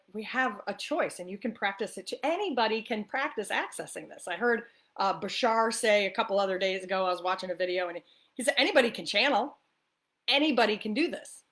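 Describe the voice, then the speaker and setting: A woman's voice: lowish voice, a bit bright. Upbeat chatty woman coaching to camera. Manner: upbeat and chatty, often asks "right?"; laughs often while talking. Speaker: spiritual life coach. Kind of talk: casual coffee-talk monologue to camera. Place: the East Coast of the US.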